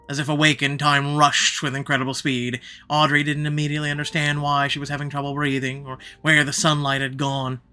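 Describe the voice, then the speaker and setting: A man's voice: medium pitch, bright, forceful tone. A man reading a visual novel aloud, narrating expressively and shifting his pace for drama.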